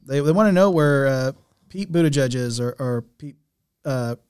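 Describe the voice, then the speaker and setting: A man's voice: mid-range voice, animated, moderate pace, a little mellow, clean tone, dry recording, clean studio sound. A man hosting a podcast, telling a family story in a loose, rambling way with many restarts and laughs. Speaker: podcast host. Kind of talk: casual chat and news reading.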